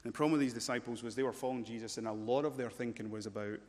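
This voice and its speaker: A man preaching a sermon, emphatic, swinging between loud urgency and low intensity and repeating words as he builds a point. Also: steady tone, racing. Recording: long church-hall reverb.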